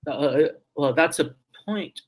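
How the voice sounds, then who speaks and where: A man's voice: a little high, lively intonation, slow pace, low-quality recording. A man being interviewed as a guest scholar, talking hesitantly with many ums and repeated words. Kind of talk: interview discussion.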